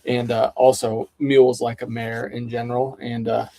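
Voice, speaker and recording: A man's voice: medium pitch, flat delivery, normal speed, vocal fry, warm tone, no echo. A man co-hosting a casual livestream chat, reading out viewer questions in an easygoing way. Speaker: co-host.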